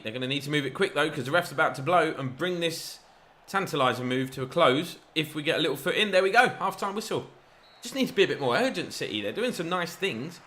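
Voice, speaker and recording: A man giving chatty, excitable play-by-play commentary over a football video game. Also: mid-range voice. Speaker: gaming YouTuber.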